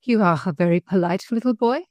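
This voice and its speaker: A woman putting on a shrill French governess. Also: fairly quick, darkish tone, no room sound, natural voice. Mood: fussy.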